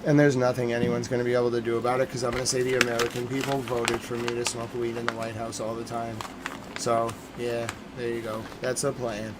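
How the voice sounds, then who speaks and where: A man rambles through a loose, joking stream monologue in a mid-range voice. He gets carried away and laughs at his own ideas. A faint hiss sits under the recording. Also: mid-range voice. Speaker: host of a nightly news recap stream. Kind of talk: casual rambling livestream monologue.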